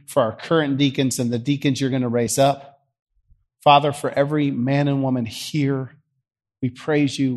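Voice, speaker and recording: A man's voice: medium pitch, a little mellow. A man with a Southern US accent, a pastor leading prayer and preaching in a folksy, teasing, conversational way, worn out by allergies. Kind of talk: sermon and prayer. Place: church sanctuary.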